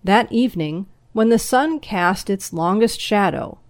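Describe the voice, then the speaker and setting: A woman narrating a storybook in an even, measured way, voice of middling pitch. The sound is close and dry, with no room around it. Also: dry recording. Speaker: audiobook narrator. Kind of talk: scripted narration.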